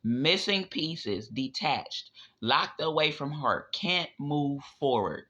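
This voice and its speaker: Male tarot reader, forceful and emphatic, casual profane delivery on a muffled recording. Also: animated, slow. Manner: emphatic, profane, drifting pitch. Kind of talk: casual spiritual reading. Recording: dull lo-fi audio.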